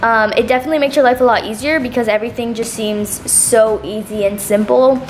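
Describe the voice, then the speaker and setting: Here a young woman with a slightly high voice talks fast, her intonation fairly even, while vlogging casually to camera at home. As a college vlogger she's chatty and filler-heavy, often saying "like" and "literally." There's a little hiss or hum, and the roomy, echoey space has music behind it.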